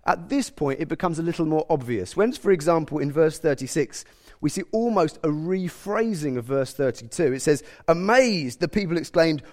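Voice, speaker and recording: A man's voice: a little high, animated, normal speed, darkish tone. A man preaching a sermon, explaining a passage in a conversational way with frequent self-corrections.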